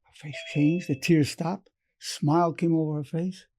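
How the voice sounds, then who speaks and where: A man's voice: a little high, steady tone, measured pace, warm tone. A psychologist in his eighties giving a lesson by retelling client stories, quoting dialogue and repeating key phrases. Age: 80s. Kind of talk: storytelling lecture.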